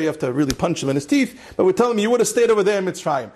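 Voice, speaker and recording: Rabbi, male, higher register, animated storyteller who repeats phrases for effect. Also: very fast, husky. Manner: mixes Hebrew and Yiddish terms into English. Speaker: rabbi giving a Torah class. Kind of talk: storytelling Torah lecture.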